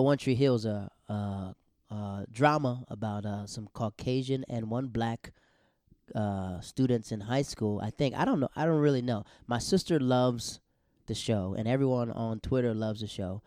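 A man hosting a solo podcast, talking in a rambling, self-correcting way with sudden bursts of excitement. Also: medium pitch, dry recording, clean studio sound. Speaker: podcast host.

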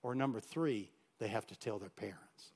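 Stern but kind male principal, measured and fatherly, quoted by a preacher. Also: on the low side, darkish tone, breathy edge, in a large hall.

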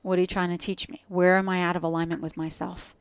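Smooth-voiced woman with a New Jersey accent. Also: on the low side, flat delivery, quick pace, no echo. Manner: reflective, spiritual, talks in metaphors. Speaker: guest. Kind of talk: casual podcast conversation.

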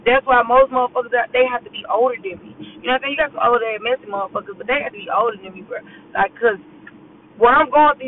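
A woman's voice: a little high, slight background noise. A woman gives a casual, blunt and profane pep talk while driving. She keeps repeating "you know what I'm saying" as she talks. The sound is thin and tinny, like a phone voice message. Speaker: podcast host. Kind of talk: casual motivational monologue.

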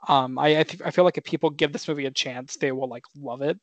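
Young male podcast co-host, bit high, casual, hesitant. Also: quick pace, no room sound. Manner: laid-back, many "um"s and "like"s, asks guests questions. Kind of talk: casual chat.

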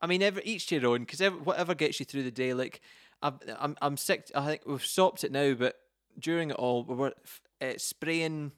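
A man's voice: on the high side, brisk, few pauses, a bit bright, no echo, clean studio sound. A man hosting a casual podcast chat, rambling and often breaking off mid-sentence. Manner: rambling, self-interrupting. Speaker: podcast host.

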